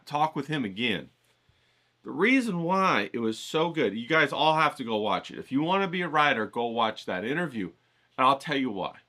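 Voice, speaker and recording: A man's voice: mid-range voice, bright, forceful tone. A man hosting a writing challenge, lecturing casually to camera in a profane, emphatic way, with frequent "okay?" check-ins.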